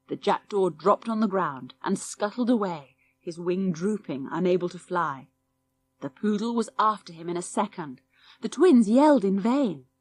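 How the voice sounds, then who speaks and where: A woman reading a children's audiobook in a lively, expressive storytelling voice. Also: medium pitch. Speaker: audiobook narrator.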